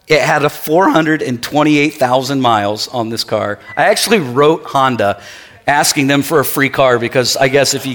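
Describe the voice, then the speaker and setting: A middle-aged male pastor preaching a sermon in church, telling stories with acted-out quotes and then easing into quieter, earnest preaching. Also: mid-range voice.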